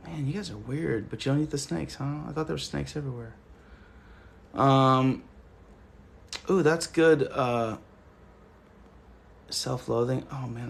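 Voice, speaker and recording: A man's voice: fairly high pitch, vocal fry, slight background noise. A man hosting a casual livestream, chatting loosely with viewers and joking as he rambles through stories. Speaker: livestream host.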